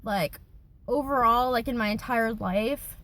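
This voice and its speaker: A woman's voice: on the high side, a little slow, fairly bright tone. A woman in her twenties, chatting casually in a Q&A vlog from her car, with lots of fillers and giggles. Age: 20s. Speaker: YouTuber.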